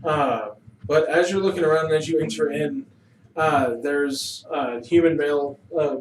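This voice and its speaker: A man narrating a tabletop game as game master, loose and relaxed, with many fillers. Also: a little high, moderate pace. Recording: roomy, distant from mic, faint hiss.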